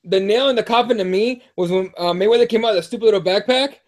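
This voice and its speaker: A man's voice: high-pitched, fast. A man hosting a casual fight-talk show, retelling events in a laid-back way and reading viewer comments. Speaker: podcast host.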